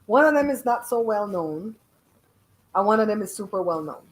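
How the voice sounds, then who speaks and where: A woman's voice: mid-range voice, animated, moderate pace, low-quality recording. A middle-aged woman from Belize with a Belizean accent, hosting a casual live stream and talking straight to viewers in the chat. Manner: chatty, blunt, talks to viewers in chat.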